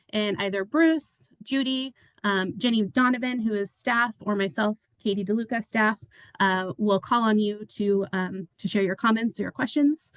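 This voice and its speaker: A woman's voice: a little high, no echo, low-quality recording. A woman who works as an executive assistant, running an online public meeting in a friendly way with many fillers. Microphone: video call.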